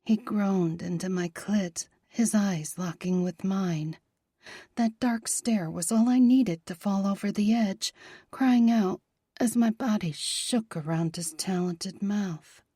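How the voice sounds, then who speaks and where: A woman narrating a romance audiobook in a soft, breathy, half-whispered voice. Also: mid-range voice, slow pace, dry recording, clean studio sound.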